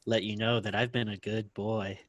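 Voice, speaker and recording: A man playing an overly sweet character who insists he has been a good boy, speaking in a calm, soothing, earnest way. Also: fairly low pitch, normal speed, no echo, lightly acted. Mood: sugary earnest. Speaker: comedian guest.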